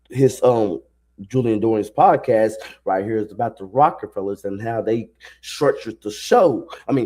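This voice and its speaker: A man's voice: on the low side, dark tone, breathy edge. A man streaming a live reaction to a video, talking in a loose, profane and rambling way. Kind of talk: casual live reaction commentary.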